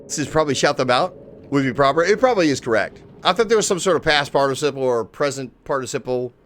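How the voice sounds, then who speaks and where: A man chatting casually on a live stream, excitable and swearing, shouting out viewers in chat. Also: mid-range voice, fast talker, slight background noise. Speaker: livestreamer.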